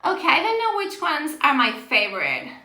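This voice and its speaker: Streaming a Spanish lesson live from her phone, a woman reads out her viewers' answers and praises them, encouraging them slowly and warmly. Her high, bright voice swoops wildly in pitch, and she laughs easily while mixing English and Spanish. The audio has a roomy echo.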